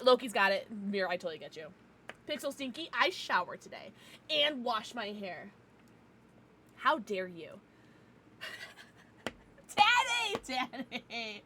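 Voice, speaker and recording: A young woman streamer chatting casually with her viewers from a home setup, loud, giggly and profane, her nose stuffed up from crying. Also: medium pitch, sing-song, slow, long pauses, slight background noise. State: congested from crying. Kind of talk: casual livestream chat.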